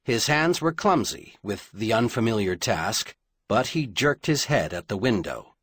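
Male narrator, dramatic delivery with wide swings in pitch, dry close sound. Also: big pitch swings, a bit bright, husky, no room sound. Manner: dramatic, measured storytelling. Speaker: audiobook narrator. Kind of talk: scripted fiction narration.

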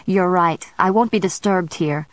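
A woman reading the part of a self-assured female witch who holds a captive, speaking smoothly and matter-of-factly with scorn, in a storybook narration. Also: lowish voice, a little slow, dry recording, lightly acted. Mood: cool scorn.

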